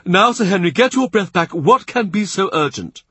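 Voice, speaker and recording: Man playing pleading aging cardinal, raised voice, husky edge. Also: high-pitched, animated, normal speed, fairly bright tone, dry recording, voice pushed up, full character voice. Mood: coaxing. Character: aging, emotional male churchman, pleading.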